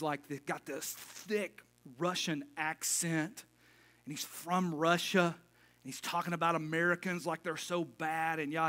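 A middle-aged man preaching a casual sermon as pastor, folksy and full of joking asides. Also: a little high.

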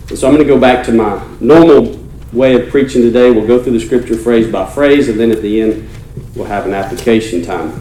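A man's voice: medium pitch, brisk, warm tone, far from the mic. A man preaching a conversational sermon to his congregation as their pastor, earnest and repeating words as he restarts phrases. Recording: roomy church echo, faint noise.

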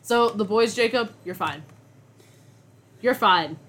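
A woman's voice: medium pitch, slow, a little hiss or hum. A young woman co-hosting a podcast in casual chat, joking and ranting with bursts of laughter. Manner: giggly, animated, jokey rants. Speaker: podcast co-host.

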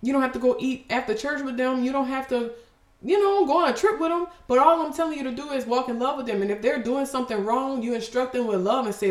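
A woman's voice: high voice, fast, reverberant. A woman hosting a podcast and giving an emotional devotional talk, fervent and preachy, breaking off with exclamations.

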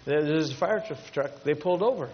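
A man's voice: fairly high pitch, a little fast, husky. A man preaching a sermon as a pastor, telling stories emphatically and building long repetitive lists. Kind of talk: storytelling sermon. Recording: dull lo-fi sound with long hall reverb.

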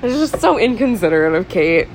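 A woman's voice: mid-range voice, big pitch swings, a little fast, crowd noise, rough recording. A young woman co-hosting a podcast, casually recapping a film in a chatty style, full of fillers, frequent laughs and swearing. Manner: chatty, peppered with "like", laughs often; swears freely. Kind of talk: casual chat.

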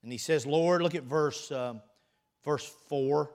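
High-voiced man preaching a sermon. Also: a little slow. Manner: animated preaching, swinging between loud bursts and quiet asides; teasing and conversational, reading scripture aloud.

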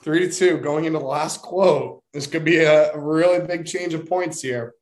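A man's voice: a little high, moderate pace. A man co-hosting a casual sports podcast, upbeat as he runs a quiz segment. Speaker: podcast co-host.

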